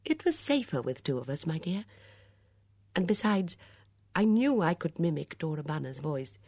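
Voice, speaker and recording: An elderly lady sleuth lays out a murder in measured, earnest tones, voiced by a woman reader. Her pitch rises and falls widely. The sound is close and dry. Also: big pitch swings, dark tone, slightly rough, no room sound, heavily acted. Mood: urgent. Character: elderly woman sleuth, gentle but grave.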